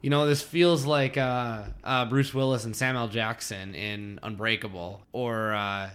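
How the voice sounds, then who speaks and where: A man's voice: medium pitch, steady tone, unhurried, fairly bright tone. Man joking about a bad movie. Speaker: podcast co-host. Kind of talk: casual movie discussion.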